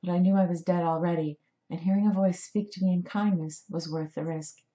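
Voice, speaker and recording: A woman reads her own novel aloud in a measured, dramatic way. Her voice sits on the low side. The recording sounds somewhat dull. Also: fairly even intonation, mellow, echoey room. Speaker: author reading her book. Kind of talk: audiobook narration.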